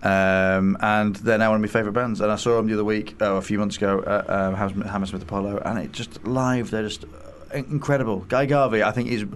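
A man's voice: lowish voice, little pitch movement, fast talker, few pauses, slight background noise. A man chatting as a radio guest, rambling and enthusiastic, with lots of hesitations and restarts. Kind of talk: casual radio chat. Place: radio studio.

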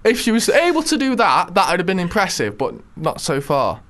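A man's voice: high-pitched, huge pitch swings, fairly quick, fairly bright tone. Joking man in his twenties. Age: 20s. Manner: joking, self-deprecating banter. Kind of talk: casual chat.

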